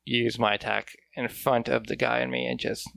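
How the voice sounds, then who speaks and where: Very gravelly man, dry close sound. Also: medium pitch, little pitch movement, moderate pace, a bit bright, no echo. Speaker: player. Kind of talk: casual tabletop play.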